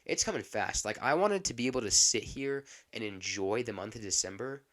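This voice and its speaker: A man with a mid-pitched voice tells a casual, meandering story about his work. He talks in a chatty way, with many fillers and frequent checks on whether the listener is still following. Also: animated, a little fast, fairly bright tone. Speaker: podcast host.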